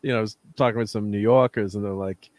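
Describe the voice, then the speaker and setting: A man's voice: lowish voice, steady tone, fast talker, darkish tone, dry recording. Male host, chatty, laughs a lot, dry close sound. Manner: laughs often, tells anecdotes with quoted voices. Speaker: podcast host. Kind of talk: casual chat.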